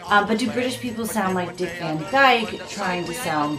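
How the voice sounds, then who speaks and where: Animated chatty woman vlogger. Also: medium pitch, moderate pace, hardly any pauses, over music. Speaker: founder and director of an education consultancy, vlog host. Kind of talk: casual talk to camera.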